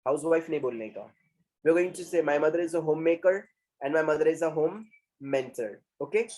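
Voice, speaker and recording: A man's voice: on the high side, racing, a little mellow. A man in his twenties with an Indian English accent, teaching English as a communication trainer and switching often between English and Hindi, repeating points for emphasis. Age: 20s. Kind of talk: classroom English lesson.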